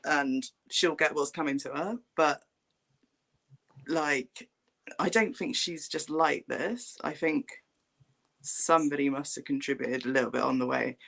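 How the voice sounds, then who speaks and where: A man with a gravelly, slightly raised voice talks bluntly on a livestream panel. He says "like" every few words and keeps his opinions sharp and direct. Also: fairly high pitch, unhurried. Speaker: livestream host. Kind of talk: casual panel chat.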